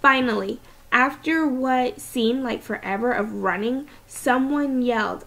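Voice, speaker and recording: A woman teacher reading a novel aloud, expressive and with small restarts. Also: fairly high pitch, unhurried, vocal fry.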